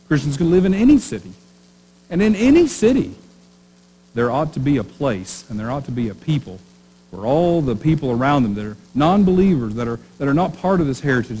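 A man delivers a sermon in an easy, conversational way, often stopping to ask the room a question. His voice sits at an ordinary middle pitch. A faint hum runs under the recording. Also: a little mellow, low-quality recording. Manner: conversational preaching with rhetorical questions and restarts. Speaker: pastor.

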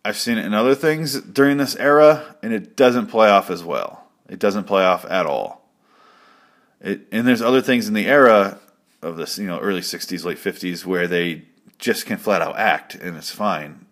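A man's voice: on the low side, normal speed, fairly bright tone. A man hosting his own show, rambling through a casual recap with swearing and jokes. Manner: rambling, profane and jokey. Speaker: podcast host.

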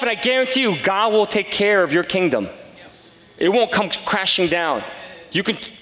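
A man preaching a sermon as a pastor, telling a personal story with animated, acted-out dialogue in a loud voice. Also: mid-range voice. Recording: long hall reverb.

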